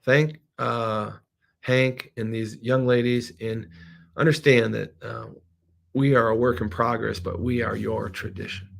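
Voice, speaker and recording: A man's voice: medium pitch, steady tone, measured pace, gravelly. A middle-aged man, a business owner, talking through a casual livestream in a rambling, heartfelt way, emotional at times.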